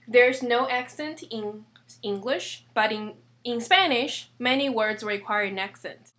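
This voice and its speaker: Woman, fairly high voice, patient teacher, online lesson, repeats examples. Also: a bit bright. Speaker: Spanish teacher.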